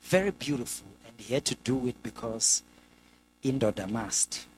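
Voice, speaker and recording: Lively male preacher. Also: normal speed, low-quality recording. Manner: lively, acts out scripture characters with sudden pitch jumps. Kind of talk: sermon.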